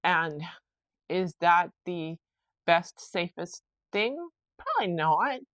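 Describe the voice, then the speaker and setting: A woman's voice: fairly low pitch, sing-song, takes it slowly, fairly bright tone, dry recording. A young woman hosting a solo podcast, rambling in a chatty, self-reflective way. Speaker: podcast host. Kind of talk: casual solo podcast chat.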